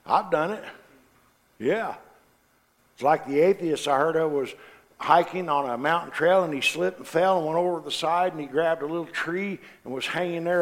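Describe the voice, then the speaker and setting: A man preaching a sermon, passionate and forceful, dropping to quiet asides between loud declarations. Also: fairly high pitch. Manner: impassioned, swings from loud to quiet.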